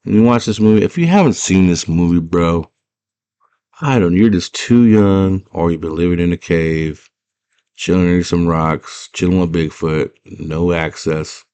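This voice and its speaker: A man's voice: deep voice, normal speed, dark tone, smooth. A man casually retelling a movie plot, rambling and slangy with lots of fillers. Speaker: movie fan.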